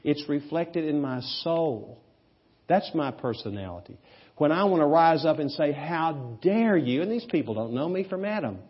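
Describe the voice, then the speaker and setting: A male pastor preaches in a husky voice, telling stories with humor and jumping into loud emphasis. The recording is muffled and lo-fi. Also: on the high side, normal speed. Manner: lively, humorous storyteller with sudden loud emphasis. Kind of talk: sermon with storytelling.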